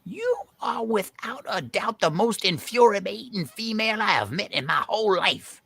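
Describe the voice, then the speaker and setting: A blustering rich old judge bellows and drawls in folksy country talk, read aloud by a man. His voice is gravelly and husky, swinging widely in pitch. The recording is dry and close. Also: lively intonation, normal speed, bright, forceful tone, no echo, full character voice. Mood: furious. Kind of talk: live script reading.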